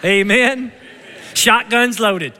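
A pastor with a Kentucky twang preaching an energetic sermon. He jokes with the congregation and calls out for amens. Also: very high voice, very slow, some chatter behind, slight background noise. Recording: long reverb of a church hall.

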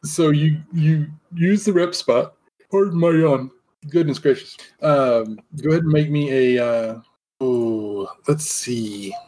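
Casting: easygoing male game master, mid-pitched, casual rule talk. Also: slow pace. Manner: relaxed, many fillers and restarts. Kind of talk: narrating a tabletop game.

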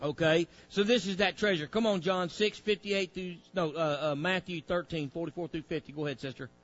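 A man's voice: sits high, fairly quick, fairly bright tone, muffled recording, faint music behind. A male preacher, delivering a fiery sermon with folksy grammar, directing a reader and acting out pleading voices.

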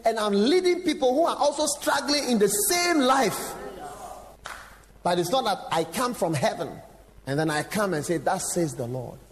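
A man preaching a sermon in a large church hall, his fairly high voice ringing with a long reverb. He tells stories animatedly, breaks into sudden shouts and asks the congregation direct questions. Faint noise sits under the room. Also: moderate pace. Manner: animated storytelling with sudden shouts and acted quotes; engaging the audience with direct questions.

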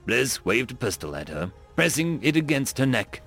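A man narrating a science fiction story in first person with expressive storytelling. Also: medium pitch, moderate pace, hardly any pauses, breathy edge. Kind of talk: scripted narration of a sci-fi story. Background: faint music.

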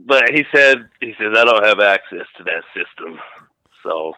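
A man tells a story about getting prank-called, swearing freely and keeping it loose and relaxed. His voice is bright and forceful, with a dry, close sound and a lowish pitch. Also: moderate pace, dry recording, muffled recording. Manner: profane, laid-back storytelling. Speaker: guest caller. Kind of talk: casual storytelling.

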